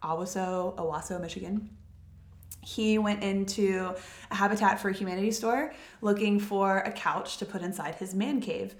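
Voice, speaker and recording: A woman's voice: mid-range voice, moderate pace. A woman with a Southern US accent hosting a podcast, telling a story in a chatty, giggly way and stumbling over names. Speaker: podcast host. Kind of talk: casual storytelling chat. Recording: echoey room.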